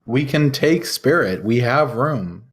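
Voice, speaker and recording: A man's voice: mid-range voice, expressive, takes it slowly. A man playing a tabletop game and chatting casually, asking plain, matter-of-fact questions. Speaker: player.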